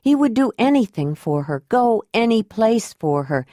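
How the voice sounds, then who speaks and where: A woman reading an audiobook in an even, measured narration voice. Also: a little high, dry recording, clean studio sound. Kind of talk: scripted narration.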